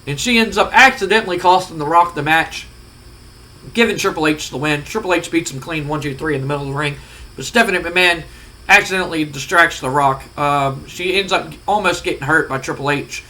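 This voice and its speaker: A man's voice: on the high side, fairly quick, sharp tone, poor audio. A man giving casual, rambling commentary on a wrestling simulation game, often swearing. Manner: rambling, profane, conversational. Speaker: let's play host.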